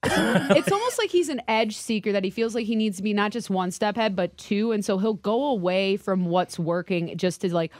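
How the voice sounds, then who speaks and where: A woman co-hosting a casual sports talk show, quick and teasing, breaking down the game. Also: mid-range voice, expressive, no room sound, clean studio sound.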